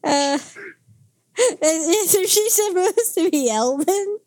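High-voiced woman playing a tabletop game. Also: expressive, slow pace, darkish tone. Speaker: player.

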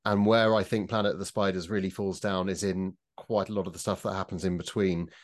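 A man with a somewhat low voice talking in a relaxed panel podcast. He weighs his points carefully and criticises in a measured way, often restarting his sentences. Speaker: podcast co-host. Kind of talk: casual panel discussion.

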